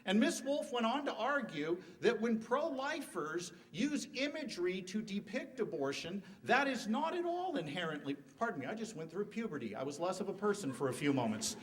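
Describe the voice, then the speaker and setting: A man's voice: sits high, sing-song, normal speed, hardly any pauses, distant mic. A middle-aged man giving a formal debate speech in a university hall, emphatic, with rhetorical questions and joking asides. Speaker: debate speaker.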